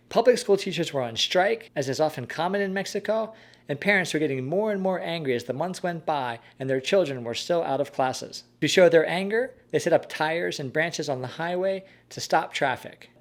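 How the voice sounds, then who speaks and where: A man tells a story in a calm, measured voice that sits a little on the high side. It sounds like scripted narration. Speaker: host.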